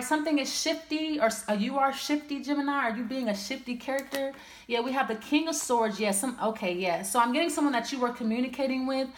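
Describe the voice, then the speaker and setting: A woman doing a casual tarot reading, blunt and profane, thinking aloud as she pulls each card. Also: high-pitched. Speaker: tarot reader. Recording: roomy echo.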